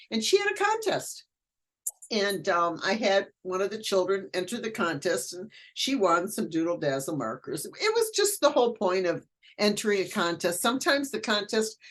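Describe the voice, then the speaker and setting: An older woman who is a guest educator, chatting casually in an interview and telling animated stories. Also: medium pitch. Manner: animated storyteller, acts out quoted voices.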